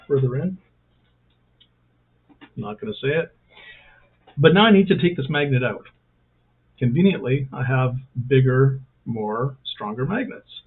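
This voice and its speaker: A man's voice: mid-range voice, breathy edge. A man hosting a casual step-by-step hobby tutorial, talking in a rambling way with self-mocking jokey asides. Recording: thin phone-like sound.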